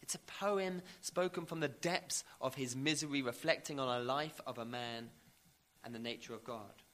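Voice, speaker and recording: A man's voice: medium pitch, moderate pace, a bit bright. A man preaching a sermon, emphatic, building to rising repeated questions.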